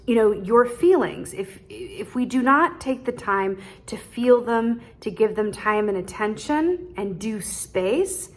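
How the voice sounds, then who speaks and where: A woman giving a casual tarot reading straight to her viewers, chatty, laughing often and ending many points with "right?". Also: mid-range voice. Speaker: tarot reader.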